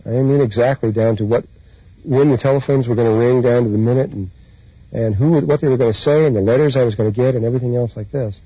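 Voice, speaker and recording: Husky man musing in a lo-fi recording. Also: medium pitch, no room sound. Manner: unhurried, meandering, with soft laughs. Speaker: spiritual teacher. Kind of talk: reflective personal storytelling talk. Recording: dull lo-fi recording.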